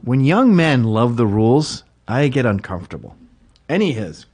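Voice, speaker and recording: Speaking at medium pitch and normal speed, a male podcast guest spins a meandering story in relaxed conversation. He's lively, laughs a lot, and voices the characters' lines loudly.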